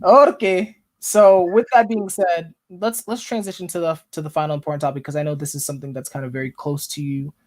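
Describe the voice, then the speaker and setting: A man hosting a podcast, animated and slangy, teasing his guest in casual chat. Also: on the high side, a little fast, few pauses. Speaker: podcast host.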